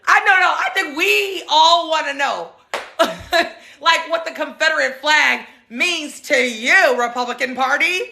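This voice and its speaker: A woman in her thirties hosting her own show, giving animated, sassy political commentary, exclaiming and laughing often. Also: sits high, a little slow, gravelly. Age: 30s. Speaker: host.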